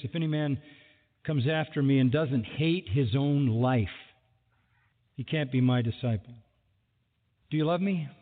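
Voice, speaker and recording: A man preaching a sermon in an animated way, full of rhetorical questions and mock exasperation. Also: mid-range voice. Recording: phone-like audio in a large echoing hall.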